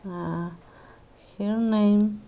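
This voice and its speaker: A woman learning English in a one-on-one lesson, answering hesitantly in short phrases with pauses and fillers. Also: mid-range voice, fairly even intonation, warm tone, rough recording.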